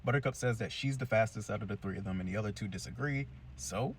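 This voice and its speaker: A young man casually recapping a cartoon episode in a chatty, slangy, animated way. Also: on the low side, fast talker, a little hiss or hum. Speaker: cartoon reviewer.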